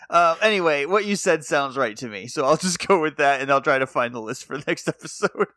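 A man's voice: fairly high pitch, lively intonation, brisk, sharp tone, dry recording, clean studio sound. A man co-hosting a podcast over a video call, chatting casually in a wry, dryly joking way. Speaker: podcast co-host. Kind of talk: casual chat. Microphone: remote video-call mic.

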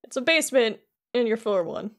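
A woman's voice: on the high side, animated, fairly quick. A woman co-hosting a podcast, casually recapping a video game, laughing often and acting out lines in jokey voices. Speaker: podcast co-host.

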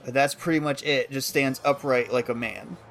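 A man's voice: medium pitch, moderate pace, fairly bright tone, faint music behind. A man playing a tabletop role-playing game, casual and laughing often. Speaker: player.

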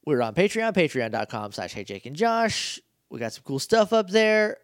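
Podcast co-host, male, higher voice, rambles through an episode recap, dry close sound. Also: very animated, moderate pace, no room sound. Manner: rambling, with many restarts and acted quotes. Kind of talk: casual chat recapping a TV episode.

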